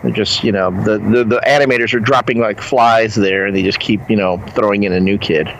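A man's voice: on the low side, steady tone, a little fast, slight background noise, low-quality recording. A man in casual chat about TV, wry and rambling, with some fillers.

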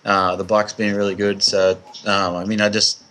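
Relaxed Australian man, low voice. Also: moderate pace, a little hiss or hum. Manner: relaxed, brief, hesitant with fillers. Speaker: guest racer. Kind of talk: casual interview chat.

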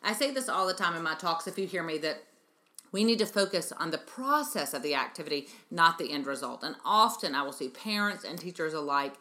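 Deep-voiced and sharp, a middle-aged woman delivers a parenting talk monologue in radio style, animated and a touch fast. As an early-childhood educator, she's earnest and emphatic with her audience, whom she addresses as "you guys".

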